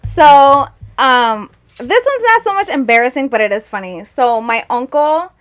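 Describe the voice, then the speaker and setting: A woman's voice: sits high, animated, unhurried. A woman co-hosting a podcast who rambles through family stories in casual chat and laughs often. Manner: rambling storyteller, laughs often, acts out relatives' lines. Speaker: podcast co-host.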